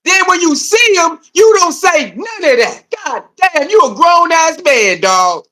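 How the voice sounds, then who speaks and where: Brief: high, bright-voiced male streamer doing slangy, heated reaction commentary. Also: a little slow. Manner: animated, repetitive, laughing, slangy; mocking, heated. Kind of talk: casual live-stream commentary.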